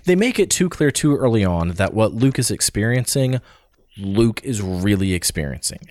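A man's voice: on the low side, expressive, moderate pace, a little mellow, no echo, studio quality. A man co-hosting a podcast, chatting casually about a film he saw, rambling with restarts and fillers. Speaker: podcast co-host. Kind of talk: casual film review chat.

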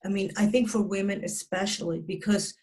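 A psychotherapist in her sixties, appearing as an interview guest, tells a personal story earnestly and emphatically in a warm, brisk, mid-range voice with fairly even intonation. She often restarts her sentences and lowers her voice at grim moments.

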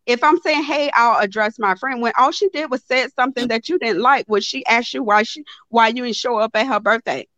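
A woman's voice: a little high, fairly quick, few pauses, no room sound. Blunt, emphatic woman with a lo-fi sound. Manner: animated, emphatic, blunt, swears freely. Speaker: host of a live talk stream. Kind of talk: casual storytelling to a live audience.

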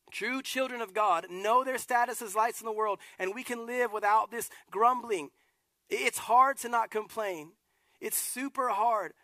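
A man, a lead pastor, preaching a sermon in a casual, animated way with acted-out asides. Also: high-pitched, no room sound.

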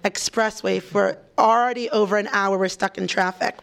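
A woman, a church staff pastor telling a personal story in a casual chat, lively and quick to act out voices. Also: medium pitch, creaky, clear, resonant tone. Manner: lively storyteller, acts out quoted voices, laughs often.

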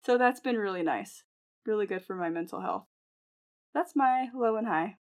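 A woman's voice: mid-range voice, lively intonation, normal speed. A young adult woman co-hosting a casual podcast, telling stories in a chatty way, acting out quotes and laughing often. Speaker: podcast co-host, nurse.

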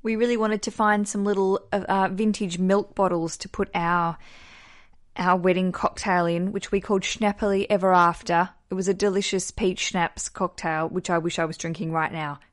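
A woman's voice: lowish voice, steady tone, normal speed. Chatty Australian woman podcast host. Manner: upbeat, playful, self-deprecating.

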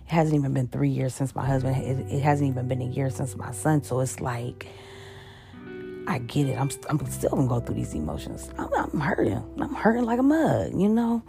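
A woman with a very deep, gravelly voice talks in a personal confessional monologue. She is halting and openly emotional, stumbling over repeated words and fillers. Music plays clearly beneath her voice. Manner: heavy-hearted, openly emotional. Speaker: podcast host. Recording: music playing underneath.

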